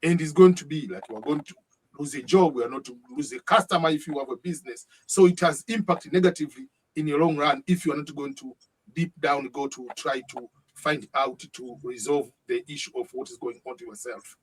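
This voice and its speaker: A man's voice: on the high side, a little fast, slight background noise, poor audio. A man, a podcast co-host, earnestly explaining a point in casual discussion.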